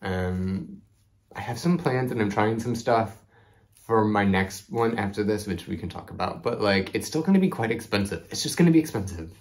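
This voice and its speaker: A man's voice: on the low side, animated, moderate pace. A young man hosting a knitting video, chatting casually to camera with lots of "like" and "um". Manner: chatty, rambling, frequent "like" and "um". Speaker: knitting podcast host.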